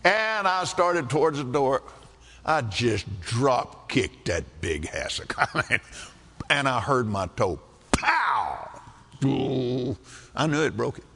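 Older male preacher, gravelly and lively. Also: mid-range voice, slow pace. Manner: folksy, laughing, animated storytelling. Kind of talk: sermon with storytelling. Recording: echoey hall.

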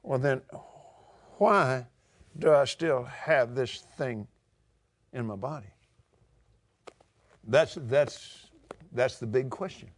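A Texan man preaching a sermon in an emphatic, drawn-out way, joking and laughing at himself. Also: mid-range voice.

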